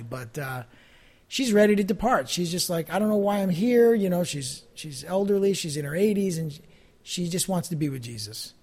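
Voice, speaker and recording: A male pastor with a notably high-pitched voice delivers a sermon. He talks in a relaxed, conversational way, full of everyday asides. His voice rises and grows louder on the phrases he wants to stress. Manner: conversational preaching with fillers, rising emphasis on key phrases.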